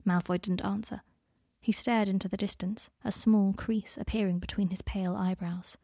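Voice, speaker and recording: This is scripted narration from a female audiobook reader whose mid-range voice proceeds at normal speed. Her calm, even storytelling is captured at studio quality, with no room sound.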